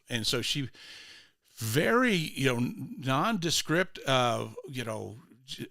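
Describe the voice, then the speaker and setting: An older male radio host with a bright, pushing voice chats casually on a morning show. He rambles and restarts his sentences as he tells a story. The mic is close and dry. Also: mid-range voice, no room sound.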